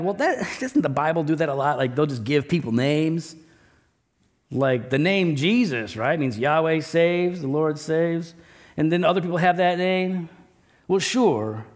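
A male pastor delivering a sermon with a slightly raised speaking pitch. He leans into repeated phrases, then sinks low and slow to drive each point home. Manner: emphatic, repeats key phrases, drops low and slow for stress.

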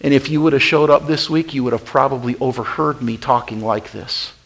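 A male pastor preaching an impassioned sermon, swinging between loud outbursts and hushed, almost whispered passages. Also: medium pitch, a little fast, rough recording.

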